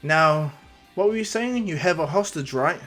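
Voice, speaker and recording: A man's voice: lively intonation, normal speed, fairly bright tone, soft background music. A man voicing an earnest teenage boy hero with huge powers in a fan-made story, in a raised, keen voice. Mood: commanding. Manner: higher, earnest voice, turning cold and commanding.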